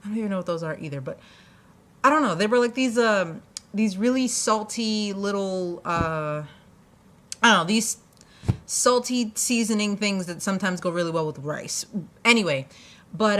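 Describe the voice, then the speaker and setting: A woman's voice: lowish voice, a bit bright. A young woman telling funny stories from her jobs, chatty, often laughing, with lots of fillers and restarts. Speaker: vlogger. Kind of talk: casual storytelling.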